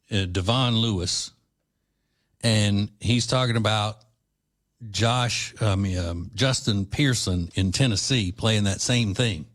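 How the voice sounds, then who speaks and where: A man from Louisiana hosting a podcast, giving blunt, combative political commentary with rambling asides. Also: low voice. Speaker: podcast host.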